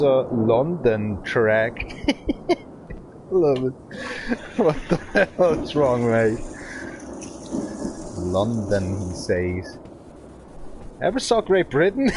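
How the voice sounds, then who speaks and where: A man in his thirties with a German accent talks slowly over his desk mic, his voice rising and dipping a lot as he jokes in halting English. He is live-streaming a driving game. Loud car and engine noise runs under his voice. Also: on the high side. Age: 30s. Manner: joking, laughs often, halting English. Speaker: gaming livestreamer. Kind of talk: casual livestream chat while drifting. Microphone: desk microphone. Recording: noisy stream with car sounds.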